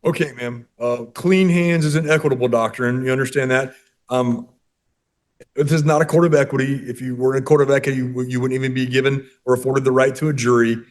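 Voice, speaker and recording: A man serving as a judge in a courtroom hearing, speaking in a firm, measured, lecturing way. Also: mid-range voice, fairly even intonation.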